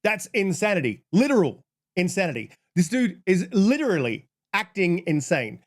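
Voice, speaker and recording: A man hosting his channel, ranting heatedly about an online argument, swearing a lot and reading out tweets in a flatter voice. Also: high voice, moderate pace. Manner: heated, profane, exasperated. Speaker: channel host. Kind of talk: ranting commentary.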